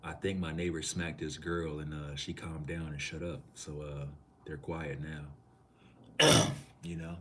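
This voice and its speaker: A man's voice: rumbling low, flat delivery, slow pace, a bit bright, husky. A man from Minneapolis streaming live in a loose, slangy way, reading out and answering chat comments.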